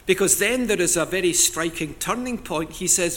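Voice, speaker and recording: A high-pitched man delivers an earnest, deliberate sermon, occasionally breaking into loud cries while quoting scripture.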